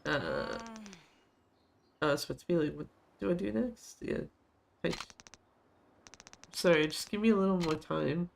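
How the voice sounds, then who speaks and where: A man's voice: a little high, unhurried, vocal fry, long pauses. Male streamer, casual commentary, reads dialogue aloud, faint noise behind. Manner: casual, swears, laughs at the story. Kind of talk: casual gameplay commentary and reading subtitles aloud.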